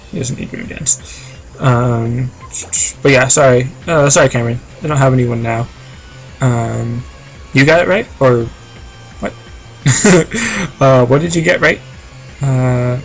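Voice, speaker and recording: A man's voice: medium pitch, gravelly. A man chatting casually on a live game stream, reading chat aloud and rambling with lots of fillers.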